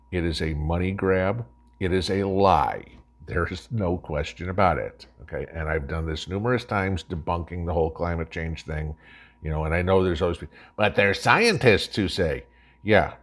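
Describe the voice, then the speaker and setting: A man with a very deep voice rants in scornful commentary. He hosts the show and keeps pressing each point with a sharp "okay?". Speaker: host. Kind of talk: opinionated commentary.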